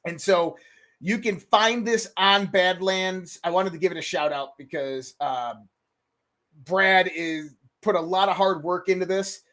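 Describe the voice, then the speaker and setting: A man hosting a casual political commentary show, animated and swearing freely. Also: high voice, unhurried. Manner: animated, swears freely, mimics others in raised voice. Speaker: podcast host.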